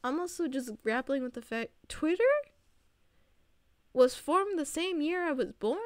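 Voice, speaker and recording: A woman's voice: high-pitched, expressive, a little slow, no echo. An eighteen-year-old woman streaming, chatting casually and rambling, laughing often.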